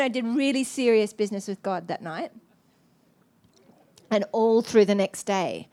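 A middle-aged woman preaching a sermon, telling a personal story in an animated, self-mocking way. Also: mid-range voice, a little slow, pauses often.

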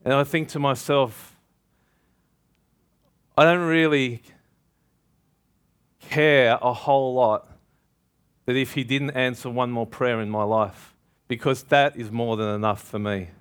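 A man's voice: medium pitch, fairly even intonation, slow pace, pauses often, fairly bright tone, clear, resonant tone. A man preaching a sermon, emphatic and calling out questions to the congregation.

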